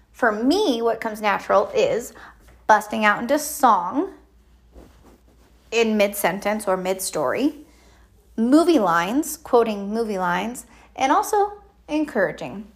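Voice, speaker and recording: A middle-aged woman chatting in a rambling, casual monologue as a podcast host. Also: a little high. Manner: chatty, rambling, animated quoted voices.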